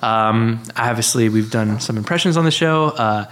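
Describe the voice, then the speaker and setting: A man's voice: mid-range voice, normal speed, fairly bright tone. A man in his thirties co-hosts a casual podcast in a mid-range voice. He hesitates a lot, fills gaps with fillers and laughs often. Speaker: podcast co-host. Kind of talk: casual chat.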